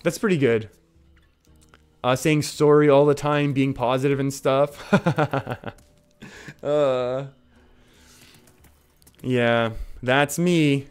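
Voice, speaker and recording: A man's voice: medium pitch, fairly even intonation, drawn-out words, long pauses, clear, resonant tone, faint music behind. A young Canadian man with an English Canadian accent, casually commentating a card game and reading viewer comments, laughing often. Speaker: streamer.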